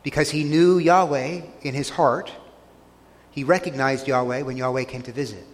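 A man's voice: mid-range voice, steady tone, moderate pace, in a large hall. A man preaching a sermon, earnestly retelling scripture scenes and pressing each point with emphasis. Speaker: pastor.

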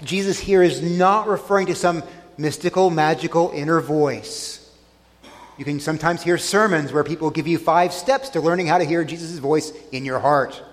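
A man preaches from the pulpit with a slightly high, earnest voice. He leans hard on key words and draws phrases out slowly for emphasis. His voice rings with the long reverb of a church hall. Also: fairly even intonation. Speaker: pastor. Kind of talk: sermon.

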